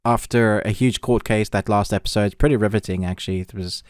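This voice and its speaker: A man's voice: fairly low pitch, fairly quick, clear, resonant tone, no room sound, clean studio sound. A man co-hosting a podcast, chatting casually about a series and easily drifting into side topics. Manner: relaxed, wanders into tangents. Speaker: podcast co-host. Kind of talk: casual film review chat.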